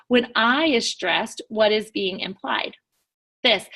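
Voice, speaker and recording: A woman teacher recording a lesson, talking clearly and stressing words as she reads examples aloud. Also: fairly high pitch, slow pace, a bit bright.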